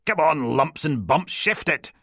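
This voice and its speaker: A man's voice: sits high, sing-song, measured pace, bright, forceful tone, dry recording, studio quality, pitched above the performer's own voice, full character voice. Man doing a brash Scottish woman detective. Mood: bossy. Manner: bossy, rude and teasing. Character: brash foul-mouthed female detective inspector, Scottish.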